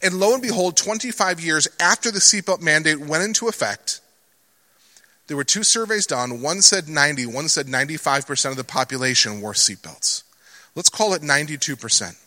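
Bright-voiced man preaching in a reverberant hall. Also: on the high side, expressive, brisk. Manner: conversational, anecdotal, rhetorical questions. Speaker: Christian advocacy speaker at a church. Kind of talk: speaking to a church congregation.

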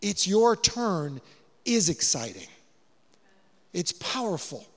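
High-ish voiced pastor guy preaching, acts out the dialogue, goes loud then soft, big echoey hall. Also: takes it slowly. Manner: animated storytelling, acting out dialogue with shifting loudness. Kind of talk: sermon.

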